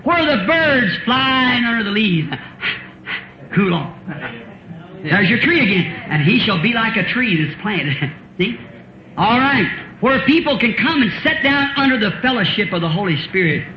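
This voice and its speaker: A man in his fifties preaches in a folksy, chuckling manner, throwing out questions to his congregation. His voice sits very high and swings widely. The recording is muffled and roomy, like an old tape made in a church hall. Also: lively intonation, moderate pace, a crowd in the background. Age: 50s. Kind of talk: sermon.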